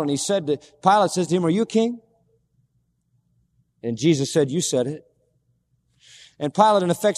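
Guy preaching, pretty high voice, hammers his points and keeps asking the crowd stuff, long reverb like a big hall. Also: darkish tone. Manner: emphatic, repeats key words, asks the audience questions. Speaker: pastor. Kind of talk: sermon.

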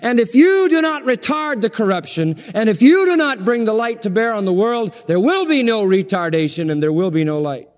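A man's voice: high-pitched, big pitch swings, moderate pace, few pauses, long reverb tail. A man preaching a sermon as pastor in a church, emphatic and insistent with repeated phrases.

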